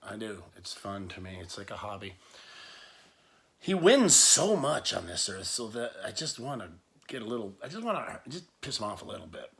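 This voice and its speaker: Bright-voiced man rambling through a story. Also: fairly low pitch, sing-song, moderate pace, creaky. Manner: rambling, many restarts and asides, laughs while telling. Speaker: vlogger. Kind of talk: casual storytelling to camera.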